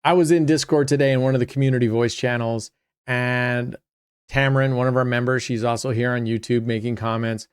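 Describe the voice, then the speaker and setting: A man's voice: mid-range voice, steady tone, brisk, smooth, no room sound, clean studio sound. A man hosting his own channel, chatting casually to viewers as he plays roulette, often trailing off mid-sentence. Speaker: host. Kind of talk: casual commentary while playing roulette.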